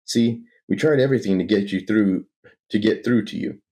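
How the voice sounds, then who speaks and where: A man's voice: lowish voice, moderate pace, close to an everyday voice. A man doing a soothing asylum doctor. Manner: calm, coaxing, overly gentle.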